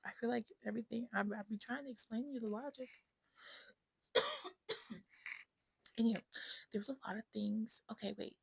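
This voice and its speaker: An expressive woman in her twenties with a creaky, high-leaning voice talks at a moderate pace and pauses often. She's vlogging casually at home to her phone camera, rambling, frank, self-absorbed and frequently whispering. The poor audio has slight background noise.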